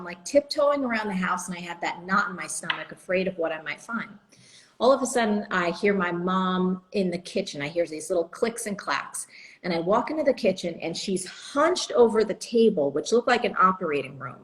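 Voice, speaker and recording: A woman from New Jersey, a guest telling an animated story on a live video call and acting out the quoted lines. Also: on the low side, moderate pace, poor audio. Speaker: guest entrepreneur.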